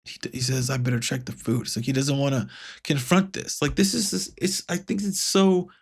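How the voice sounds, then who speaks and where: A man's voice: a little high, normal speed, slightly rough. A man casually reviewing a comic book, rambling with many fillers and restarts and paraphrasing the dialogue. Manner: paraphrases dialogue in a lightly raised voice. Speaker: comics podcast host.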